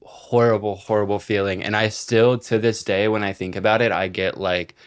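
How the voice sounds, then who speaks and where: A young male podcast co-host with a fairly low voice tells a story in loose, casual chat. He swears a lot and fills his sentences with "like" and "um.". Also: little pitch movement, normal speed, clean tone. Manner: profane, rambling storytelling with many fillers.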